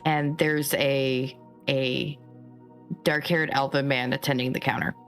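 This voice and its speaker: A woman runs a tabletop game as game master in a low, slow voice. She rambles easily and fills gaps with "um" and "uh". Faint music plays underneath. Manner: relaxed, rambling, with many fillers.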